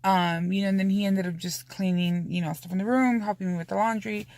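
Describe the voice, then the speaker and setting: Creaky-voiced woman venting candidly. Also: mid-range voice, fairly even intonation, a little fast, a little mellow. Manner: candid, rambling, frequent swearing; heavy use of fillers like "you know" and "um". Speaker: vlogger. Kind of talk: casual confessional vlog.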